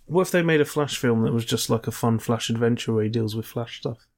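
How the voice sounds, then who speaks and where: A man's voice: mid-range voice, fairly quick, darkish tone. A man co-hosting a casual film podcast, throwing in dry, joking quips. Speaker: podcast co-host. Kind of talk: casual film review chat.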